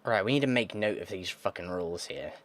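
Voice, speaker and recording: A man hosting a gaming video has a fairly low, slightly bright voice and talks a little fast. He reads a text game's descriptions aloud, then thinks aloud in response, letting out frustrated, sweary asides.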